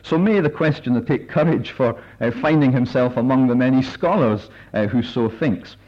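A man leading a Bible study meeting, speaking in a careful, measured way with many filler pauses as he reads and explains passages. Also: medium pitch. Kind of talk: measured sermon-style talk with readings. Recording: dull lo-fi recording.

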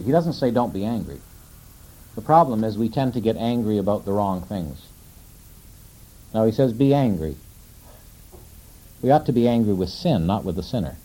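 A man preaching a sermon in a conversational way, asking his listeners questions and slowing down to quote scripture. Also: fairly low pitch, dark tone, low-quality recording. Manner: conversational, asks the audience questions.

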